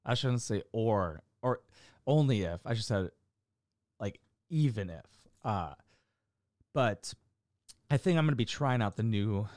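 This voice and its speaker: A man's voice: on the low side, animated, measured pace, pauses often, darkish tone, no room sound, studio quality. A man and amateur stand-up comic chatting casually in a vlog, rambling and cursing with lots of fillers. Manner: rambling, profane, many fillers.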